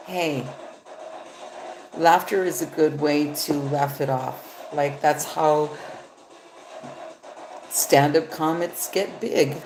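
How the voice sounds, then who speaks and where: A woman reading tarot cards live, talking in a loose, rambling, profane way. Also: low voice. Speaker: tarot reader. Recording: echoey room.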